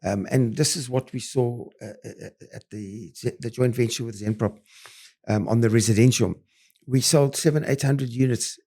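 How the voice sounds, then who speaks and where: An older South African man speaking as an interview guest at a middle pitch. He tells his business stories with animated, punchy bursts. He stumbles over fillers and restarts along the way. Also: moderate pace. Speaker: property developer guest. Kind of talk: interview storytelling.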